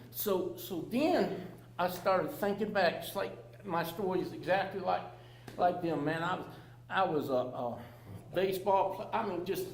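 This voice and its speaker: A high-voiced man in his sixties with vocal fry speaks as a panel speaker in recovery, sharing personal stories with a live audience in a public library meeting room. He laughs often, repeats words, and comes across plainspoken and earnest. The room is echoey with a faint hum.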